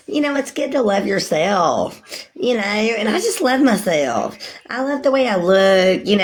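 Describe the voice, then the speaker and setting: A woman in her forties with a medium-pitched voice chats casually with her livestream viewers, rambling along, calling them sweetie and laughing often.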